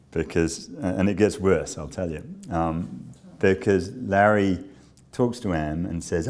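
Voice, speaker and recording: A man who directs a charity, telling a personal story in a measured, understated way with frequent pauses. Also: low-pitched, darkish tone.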